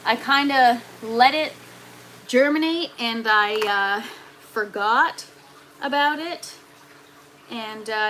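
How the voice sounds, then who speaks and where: A slightly bright, high-leaning female voice comes through a low-quality recording with slight background noise. She's in her 30s, casually livestreaming gardening from her indoor grow tent, chatting with viewers and reading their comments aloud as she works.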